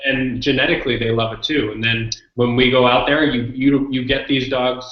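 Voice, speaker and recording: Male guest, relaxed explainer, mid pitch; roomy, dull-sounding recording. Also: normal speed. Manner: easygoing, tags sentences with "right?". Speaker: guest, dog training facility owner. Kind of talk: casual interview chat.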